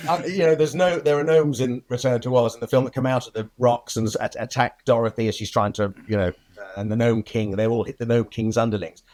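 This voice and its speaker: Older man, film editor guest, animated storytelling, mid pitch, laughs a lot. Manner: lively storyteller, acts out quoted voices, laughs often. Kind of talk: anecdotal interview storytelling.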